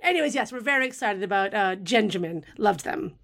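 A woman with an Australian accent co-hosting a podcast, chatting casually with quick asides. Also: mid-range voice, expressive, gravelly, a bit bright, slight background noise. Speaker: podcast co-host. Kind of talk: casual chat.

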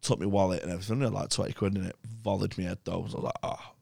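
Gravelly, low-sitting, and racing, a young Englishman's voice pours out rambling, swear-heavy anecdotes as a guest in a casual podcast chat. It's a dry recording with clean studio sound.

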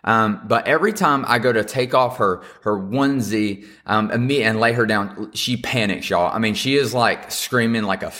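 A young man with a somewhat low voice preaching in a relaxed, conversational way. He talks earnestly and encouragingly, with plain fillers and restarts, and moves into a heartfelt prayer. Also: moderate pace, few pauses. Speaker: pastor. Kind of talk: casual sermon with closing prayer.

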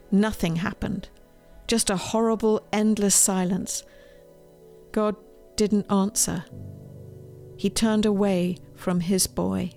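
A woman reads aloud from her children's storybook in a gentle, expressive voice. Her pitch sits in a middle range, and faint music plays underneath. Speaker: author reading her storybook.

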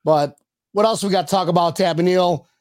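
A young man co-hosting a fan podcast in casual chat, excitable and joking, laughing often. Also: high voice, fairly quick, dry recording, studio quality. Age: young adult. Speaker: podcast co-host.

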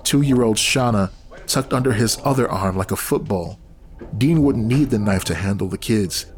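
A man reading a horror story aloud in scripted first-person narration, tense and steady. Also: lowish voice, normal speed.

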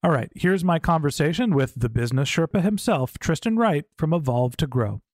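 A man's voice: on the high side, expressive, normal speed, no echo, clean studio sound. A man in his forties from Silicon Valley, hosting a podcast interview in a casual, joking, tongue-in-cheek way. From Silicon Valley, USA. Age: 40s. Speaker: podcast host.

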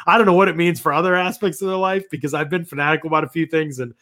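A man co-hosting a sports podcast as a football analyst, talking casually and retelling stories with quick quoted lines. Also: a little high, fairly even intonation, fairly bright tone.

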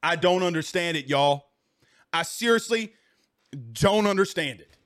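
Fired-up man with a high voice. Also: measured pace, fairly bright tone. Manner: heated, repetitive, talks straight at the audience. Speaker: sports talk host. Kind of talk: casual ranting commentary.

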